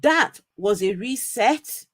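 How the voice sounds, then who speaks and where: A woman co-hosting a live stream, chatting casually with an animated, incredulous manner and frequent laughter. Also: on the high side, slow pace, no room sound, studio quality. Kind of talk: casual chat reacting to a video. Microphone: streaming microphone.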